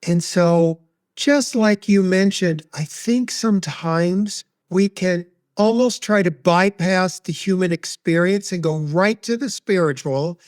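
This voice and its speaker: A man talks about loss in a measured, heartfelt tone. He speaks slowly, letting each thought land. His voice is dry and close, with no room sound. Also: high voice, no echo. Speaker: grief expert guest. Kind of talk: reflective personal storytelling.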